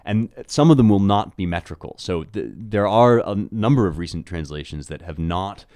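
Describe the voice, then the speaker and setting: A man's voice: low voice, lively intonation, normal speed, darkish tone, no room sound. A man giving a thoughtful educational talk on translating poetry, often restarting his phrasing. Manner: thoughtful, with frequent restarts and rhythmic demonstrations. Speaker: host.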